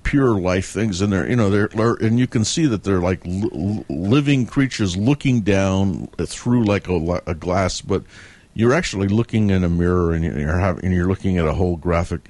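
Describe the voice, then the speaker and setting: Man with a very low voice, casual and halting, retelling a dream and chuckling now and then. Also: a little mellow, dry recording. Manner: rambling, halting, many fillers and restarts; chuckles between sentences. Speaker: dream teller. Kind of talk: casual spoken recollection.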